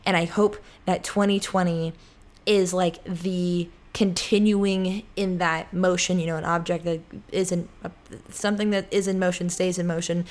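A woman's voice: on the low side, fairly even intonation, moderate pace, darkish tone. A young woman in her twenties hosting a casual solo podcast from her apartment, rambling and chatty, often cutting herself off. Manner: rambling, chatty, self-interrupting with many likes. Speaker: podcast host. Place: apartment room.

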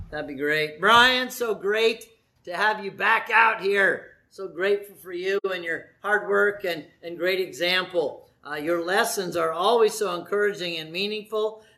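Brief: middle-aged male pastor, chatty and jokey, higher voice, speaks in a church. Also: bright, forceful tone. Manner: chatty and jokey, laughs often. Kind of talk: sermon with church announcements. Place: church sanctuary.

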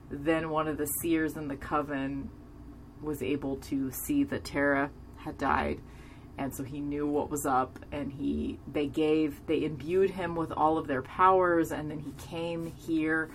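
A woman's voice: low-pitched, slight background noise. A woman casually recapping a TV episode in a rambling way, hedging with lots of fillers and gushing over scenes she loves. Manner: gushing and enthusiastic; drinking beer while talking.

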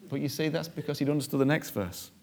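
A man's voice: a little high, fast talker, creaky, a little hiss or hum. A male preacher delivering a sermon, stressing points by repeating phrases and acting out prayers. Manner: emphatic, repeats key phrases and acts out prayers.

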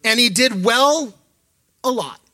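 A man preaching in a candid, conversational way, often slipping into quoted asides. His voice sits high for a man and rings bright and forceful. The recording is close and dry. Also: lively intonation, takes it slowly, dry recording. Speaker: associate church leader. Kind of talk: sermon.

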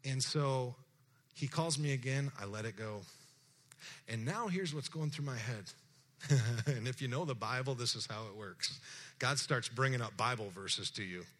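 Bright-voiced preacher telling a story. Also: male voice, medium pitch, moderate pace. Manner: lively storyteller, acts out dialogue, asks the congregation questions. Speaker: pastor. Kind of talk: storytelling sermon.

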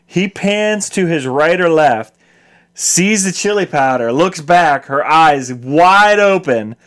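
A man co-hosting a casual chat, retelling movie scenes with animated disbelief. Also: on the high side, slow pace. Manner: animated, incredulous storytelling. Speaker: podcast co-host.

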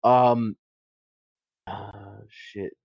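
A man in casual podcast chat, talking in an animated, profane way and laughing often. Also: on the low side, drawn-out words, no room sound. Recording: dry, dull lo-fi mic.

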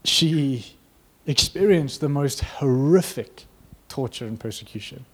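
A man preaching a sermon, telling a story with lively energy, acting out quotes and laughing now and then. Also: mid-range voice, measured pace, breathy edge.

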